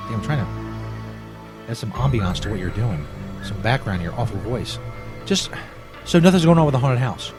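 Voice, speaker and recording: A man's voice: mid-range voice, lively intonation, normal speed, long pauses. A male radio host with a crude, irritable and mock-outraged way of talking, on a comedy show. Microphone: studio microphone. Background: faint music.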